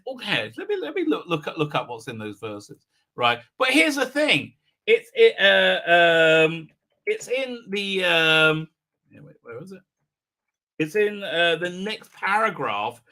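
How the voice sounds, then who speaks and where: A man's voice: fairly high pitch, pushed and bright. A man hosting a livestream, ranting in a rambling, indignant way full of fillers. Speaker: livestream host. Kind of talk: ranting commentary.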